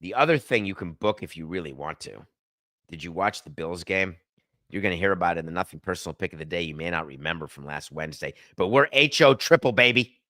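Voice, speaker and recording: A man's voice: deep voice, bright, forceful tone, no room sound, studio quality. A middle-aged man hosting a sports podcast, delivering an emphatic, sardonic opinion monologue and arguing with himself. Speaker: podcast host.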